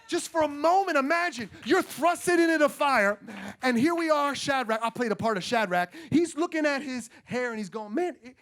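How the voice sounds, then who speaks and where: A male pastor preaching a sermon with energetic emphasis, repeating phrases and calling out to the congregation. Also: very high-pitched, moderate pace.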